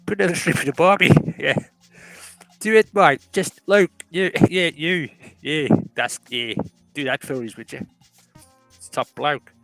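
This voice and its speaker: A man putting on a jokey, matey Australian bloke voice with a creaky edge. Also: a little high, unhurried, a bit bright, no echo, soft background music, pitched above the performer's own voice, poor audio. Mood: playful.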